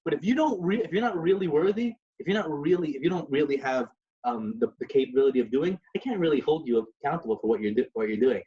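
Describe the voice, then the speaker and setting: Animated storytelling man, slightly muffled. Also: a little high, quick pace. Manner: animated, mixes in Yiddish phrases. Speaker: podcast co-host. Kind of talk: casual chat and storytelling.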